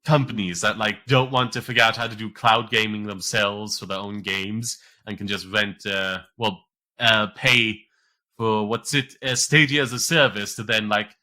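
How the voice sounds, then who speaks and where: A man's voice: on the low side, steady tone, moderate pace, sharp tone. A young man co-hosting a casual podcast, rambling with many fillers. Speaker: podcast co-host.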